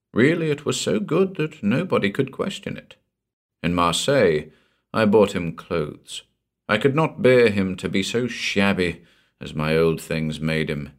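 A man narrating a short story in a measured, deliberate reading. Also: on the low side. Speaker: audiobook narrator.

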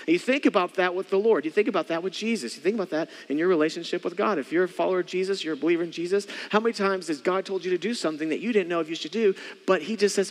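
An earnest male pastor preaching with a fairly high voice. He circles back on his phrases and sinks to hushed, quiet words for emphasis. His voice rings with a long reverb, as if in a large church hall. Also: fast talker, few pauses. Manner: earnest, repeats phrases, drops to soft quiet tones for emphasis. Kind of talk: sermon.

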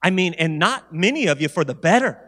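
A man in his forties preaches with a high voice, moving between firm points and playful storytelling. His voice rings out with a long reverb in a large church hall. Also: a little fast. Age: 40s. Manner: animated preaching with storytelling asides. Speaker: pastor. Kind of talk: sermon. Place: church sanctuary.

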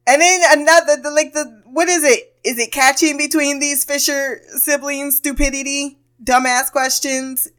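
Animated woman recapping a TV episode. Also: high voice. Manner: animated, laughing, blunt and profane, acts out characters' lines. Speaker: podcast host.

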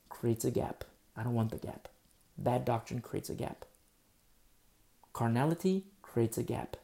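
Gravelly-voiced male pastor preaching. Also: medium pitch. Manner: emphatic preaching, swings between loud bursts and hushed asides; repetitive, with frequent fillers. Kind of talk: sermon.

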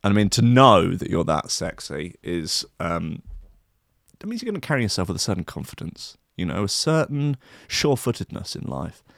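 Man, comic storyteller, rambling and sweary, lowish voice, dry close sound. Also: big pitch swings, normal speed, gravelly, fairly bright tone, dry recording. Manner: profane, self-mocking, meandering asides.

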